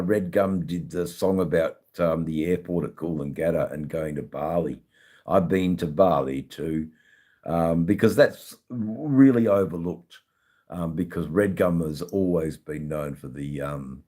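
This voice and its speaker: A middle-aged Australian man hosting a casual livestream, chatting with viewers in a halting way, full of ums and repeated words, swearing now and then. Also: low-pitched, a little mellow. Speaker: livestream host.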